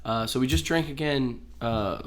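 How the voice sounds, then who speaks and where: A man's voice: medium pitch, moderate pace. A young man co-hosting a podcast, easygoing and a little nasal and tired. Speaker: podcast co-host. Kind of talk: casual chat.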